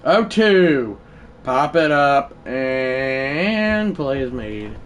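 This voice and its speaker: Excitable man calling baseball game plays. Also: mid-range voice, extremely slow. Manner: excitable play-by-play, shouting on big plays, muttering asides. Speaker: streamer playing a baseball video game. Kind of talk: live gameplay commentary.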